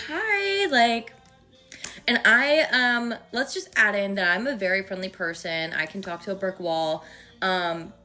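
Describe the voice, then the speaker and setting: A young woman with a slight lisp from her aligners, chatting through a storytime with quick asides. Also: lowish voice, pushed and bright. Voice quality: lispy from wearing aligners. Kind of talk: casual storytime.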